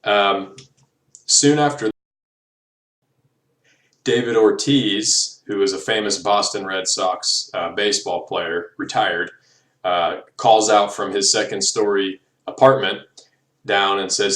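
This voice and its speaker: A man's voice: low-pitched, fairly even intonation, unhurried, bright, forceful tone, distant mic. A young man recording a class presentation, hesitant, with many ums and uhs. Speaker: student presenter. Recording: echoey room, voice from afar.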